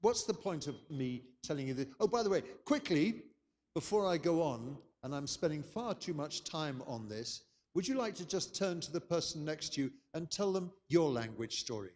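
A man's voice: fairly high pitch, big pitch swings, normal speed, darkish tone, in a large hall. An older man from England, giving a chatty, anecdotal conference lecture. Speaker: keynote speaker.

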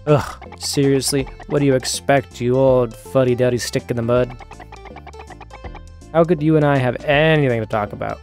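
A man voicing a sulky, sharp-tongued young woman in a video game, snippy and exasperated. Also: mid-range voice, fairly even intonation, moderate pace, soft background music, close to an everyday voice.

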